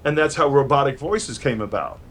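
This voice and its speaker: In a mid-range voice and at a slightly quick pace, an older man from New York tells animated, wandering stories full of restarts. He's a musician guest on a video call, seated in a home studio packed with gear.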